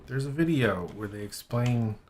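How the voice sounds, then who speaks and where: A man hosting a stream, chatting casually and rambling in a relaxed, giggly way as he reacts to clips. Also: mid-range voice, moderate pace, a little hiss or hum. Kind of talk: casual live-stream chat.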